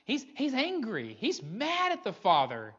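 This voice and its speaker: A man's voice: extremely high pitch, huge pitch swings, unhurried, a bit bright, breathy edge. A man preaching a sermon as pastor, earnest and pressing his listeners with rhetorical questions. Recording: dull lo-fi recording.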